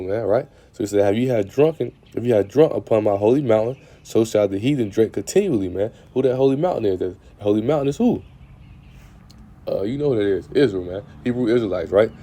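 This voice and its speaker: Man casually preaching scripture, mellow voice. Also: medium pitch, a little hiss or hum. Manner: casual, repeats "man", stammers, reads verses slowly. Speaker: religious speaker. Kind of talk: informal scripture teaching.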